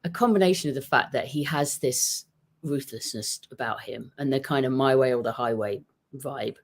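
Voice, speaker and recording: Man, podcast guest, animated storytelling, casual football talk, talks at home. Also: medium pitch, normal speed. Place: home with a dog.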